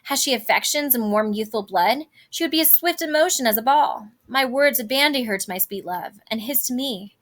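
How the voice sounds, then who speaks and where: A woman's voice: a little high, animated, brisk, hardly any pauses, a bit bright. A woman reading the lines of an impatient, lovesick teenage girl from a play, eager and pleading.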